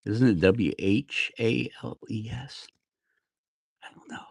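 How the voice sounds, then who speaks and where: A man's voice: on the low side, takes it slowly, gravelly, husky, no echo, clean studio sound. Rambling man chatting while woodcarving. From New Jersey, USA. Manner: rambling, self-deprecating, laughs often. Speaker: woodcarving livestream host. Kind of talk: casual chat while carving.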